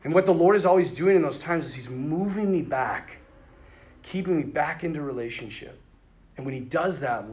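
A man with a somewhat high voice preaches to a gathering of men. He tells animated stories full of quoted back-and-forth and often breaks into laughter. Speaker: priest. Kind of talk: storytelling talk to a men's retreat.

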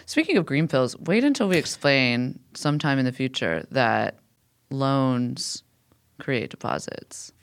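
A woman's voice: very deep voice, very animated, moderate pace, few pauses. A woman co-hosting a podcast, trading dry, sardonic jokes and cursing. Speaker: podcast co-host. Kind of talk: loose comedic banter.

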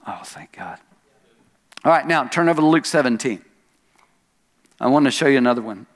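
A man pastor preaching a sermon, telling a story with rising emphasis on key lines and soft asides. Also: mid-range voice, fast. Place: church sanctuary. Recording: long hall reverb.

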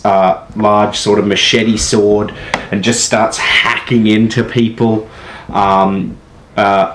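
A man narrating a tabletop game as game master, halting often with filler sounds. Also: lowish voice. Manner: halting, many filler uhs. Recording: echoey room with noise.

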